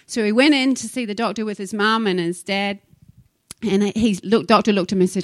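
A woman's voice: mid-range voice, fairly quick, no echo. A woman pastor preaching a sermon, emphatic and impassioned, telling stories to her congregation.

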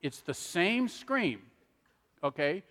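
Preacher, middle-aged man, high tenor voice, chatty sermon style, handheld mic, long church reverb. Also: sing-song, slow pace, a bit bright. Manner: conversational preaching with frequent "okay?" asides. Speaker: pastor. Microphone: handheld microphone.

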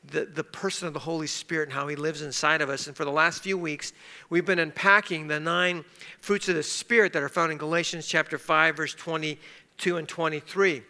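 A man's voice: on the high side, sharp tone. A middle-aged man preaching a sermon, telling a personal story in a conversational way, with fillers and restarts. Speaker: pastor.

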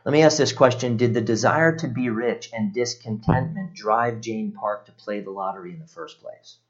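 A man preaching a sermon as pastor, earnest and steady, often sinking low and quiet on solemn points. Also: highs cut off.

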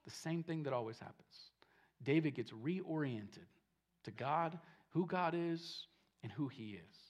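A pastor preaching a Sunday sermon, repeating key phrases and shifting between hushed and forceful delivery. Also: male voice, fairly high pitch, animated, unhurried. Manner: emphatic, repeats phrases, swings from soft to loud. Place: church service.

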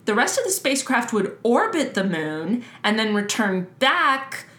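A woman's voice: on the high side, sing-song, unhurried, a bit bright. A woman co-hosting a podcast, explaining history in a loose, chatty way with lots of fillers. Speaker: podcast co-host. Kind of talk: casual history chat. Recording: roomy echo.

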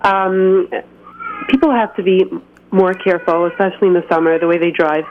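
A woman's voice: fairly low pitch, fairly even intonation, moderate pace. Urgent woman caller on a dull line. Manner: earnest, urgent, hesitant at first. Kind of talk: phone-in call.

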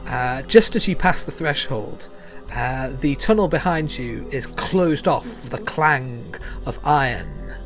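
A man running a tabletop game as game master, narrating in a halting way with many fillers. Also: mid-range voice, lively intonation, soft background music. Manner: halting, full of fillers and chuckles.

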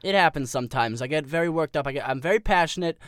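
A hot-headed male political pundit, played by a man on a parody podcast. He rants and works himself up, his voice leaping high and low. The close mic sounds dry and clean. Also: animated, fast, a bit bright, clean tone, dry recording. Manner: ranting, easily worked up.

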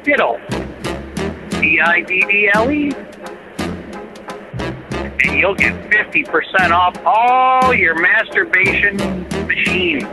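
A man's voice: sits high, expressive, slow pace, long pauses, low-quality recording. A man voicing a crude, boastful trucker reading a phoned-in ad, with music behind. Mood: lewd, boastful. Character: crude middle-aged male trucker pitchman. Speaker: caller.

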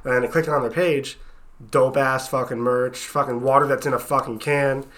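A man's voice: mid-range voice, steady tone, moderate pace, fairly bright tone. A young man co-hosting a casual podcast, telling blunt, profane stories. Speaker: podcast co-host. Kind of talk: casual chat.

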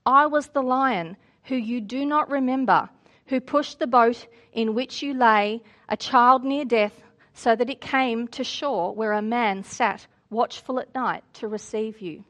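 A great male lion speaks slowly and solemnly, each phrase weighed with quiet reverence, as a woman reads him aloud. His voice rises a little higher and stronger than the reader's own. He is patient and tender, never hurried. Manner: slow, emphatic, reverent.

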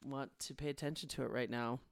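A woman's voice: extremely low pitch, fast talker, gravelly, dry recording. Laid-back woman co-host, swears casually, dry close mic. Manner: relaxed, candid, profane. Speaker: podcast co-host. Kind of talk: casual chat.

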